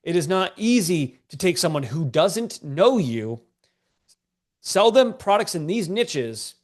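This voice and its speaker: A man's voice: sits high, big pitch swings, takes it slowly. A man teaching a live-streamed business class, a bit congested, talking in a casual, joking, slangy way to viewers in a chat. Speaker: online business coach.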